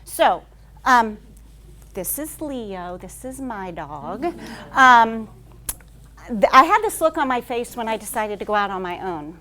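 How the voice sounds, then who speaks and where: A woman HR consultant giving a conference talk to a live audience, telling stories at a rapid clip with frequent fillers. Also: fairly high pitch. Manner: fast-paced, says she talks like an auctioneer; lively storytelling with frequent "um" fillers.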